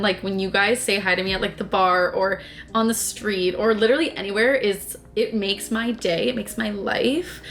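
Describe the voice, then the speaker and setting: Young female vlogger, chatty and effusive, mid-pitched voice, raspy fry. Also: fairly bright tone. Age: young adult. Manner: gushing, chatty, says "like" constantly. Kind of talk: casual chat to camera. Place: home, then in a car.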